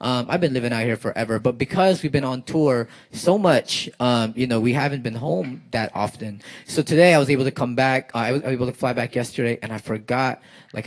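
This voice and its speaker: A young man from South Florida, a spoken word poet talking animatedly to a live crowd with lots of "like" fillers, then performing a poem. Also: medium pitch.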